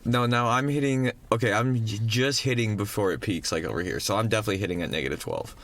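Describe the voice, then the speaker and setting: A man co-hosting a casual late-night podcast from a parked car, animated and loud, laughing often. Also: on the low side, fast. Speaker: podcast co-host.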